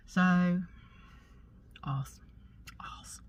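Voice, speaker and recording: A middle-aged woman vlogging in a chatty, rambling way, pausing to search for words and correcting herself as she talks. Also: mid-range voice, animated, no room sound, lo-fi sound. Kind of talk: casual chat to camera.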